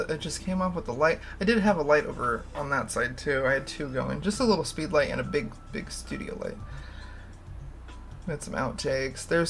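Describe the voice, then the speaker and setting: A livestream host with a mid-range voice and vocal fry chats casually. The talk is rambling and candid, with frequent laughter and free swearing.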